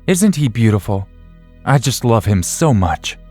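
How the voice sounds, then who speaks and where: A woman's voice: rumbling low, moderate pace, mellow, breathy edge, faint music behind. A man voicing an obsessive young woman in her twenties who talks in a playful, sing-song way about a baby that isn't hers. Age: 20s. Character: obsessive young woman, falsely claiming a newborn.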